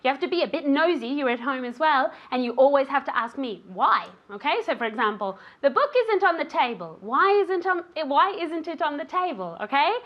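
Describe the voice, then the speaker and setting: A woman's voice: sits high, big pitch swings, fairly quick, hardly any pauses, highs cut off. A woman teaching an English lesson on a show, encouraging a student and the viewers at home, often checking in with "okay?". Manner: encouraging, ends phrases with "okay?".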